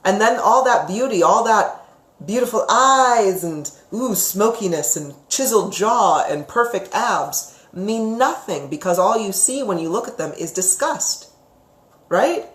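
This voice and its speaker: A woman teaching about psychic topics on a live stream, chatty and expressive, reading out viewer comments and often asking "right?". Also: mid-range voice, unhurried. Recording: roomy echo.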